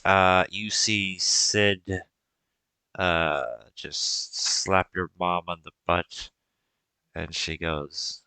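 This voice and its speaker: Deep, gravelly game master. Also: male voice, drawn-out words, no room sound. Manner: relaxed, filler-heavy narration. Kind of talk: narrating a tabletop game.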